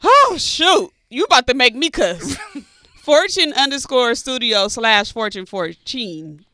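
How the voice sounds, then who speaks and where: Bright-voiced playful woman co-host. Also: fairly high pitch, animated, unhurried, dry recording, studio quality. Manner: playful, laughs often. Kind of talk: casual podcast chat.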